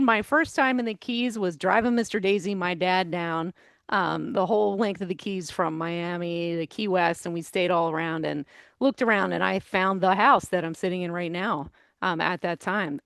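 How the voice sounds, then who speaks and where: A woman from central Pennsylvania with a Pennsylvania accent, a guest telling lively stories in a casual interview. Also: lowish voice, moderate pace, no echo. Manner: lively storytelling, laughs often. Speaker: guest, consultant.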